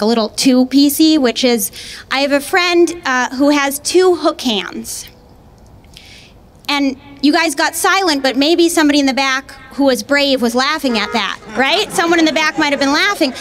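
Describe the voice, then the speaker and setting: A woman performing stand-up in a high voice, chatting through her story in a conversational way. She keeps checking in with the crowd as she goes. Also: a bit bright. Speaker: stand-up comedian. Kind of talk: stand-up routine. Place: comedy venue with live audience.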